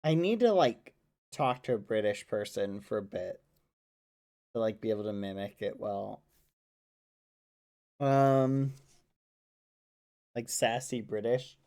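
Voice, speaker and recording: A man chatting casually with his stream chat in a relaxed, joking way. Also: on the low side, slow, long pauses.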